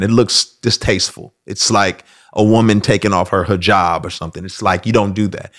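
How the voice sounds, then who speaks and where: A man hosting casual faith commentary, telling stories in an animated way and slipping into acted voices. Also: mid-range voice. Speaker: host.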